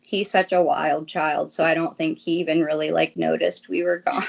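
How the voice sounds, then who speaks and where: A woman's voice: deep voice, level tone, moderate pace, vocal fry. A young woman, a guest on a casual chat show, telling a personal story in a chatty way full of "like"s. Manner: chatty, filler-heavy storytelling with many "like"s. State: briefly tearful. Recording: dull lo-fi sound.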